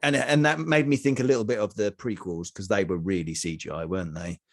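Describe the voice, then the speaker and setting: A middle-aged man co-hosting a casual review chat, talking in halting bursts with many fillers and restarts. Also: lowish voice, steady tone. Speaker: podcast co-host.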